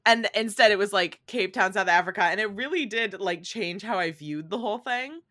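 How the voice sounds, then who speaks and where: A woman's voice: medium pitch, a little fast, a bit bright. A woman co-hosting a podcast in casual chat, telling a story with many fillers and laughs.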